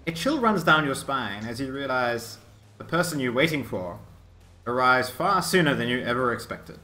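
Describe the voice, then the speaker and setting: A man's voice: medium pitch, very animated, normal speed, pushed and bright, faint music behind. A man narrating as game master of a tabletop game, giving vivid scene descriptions and often restarting his phrases.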